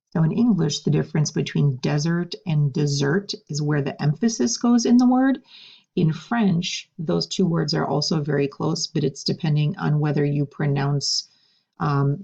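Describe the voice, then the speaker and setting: A woman's voice: low voice, vocal fry, a little mellow, highs cut off. A woman teaching a recorded French lesson, patiently explaining words and stressing correct pronunciation. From United States.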